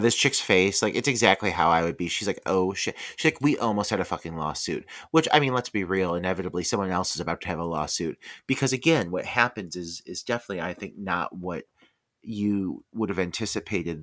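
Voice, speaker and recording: A man's voice: deep voice, fairly quick, a bit bright, dry recording, clean studio sound. A man co-hosting a horror movie podcast, talking casually and animatedly, full of fillers and swearing. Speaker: podcast co-host.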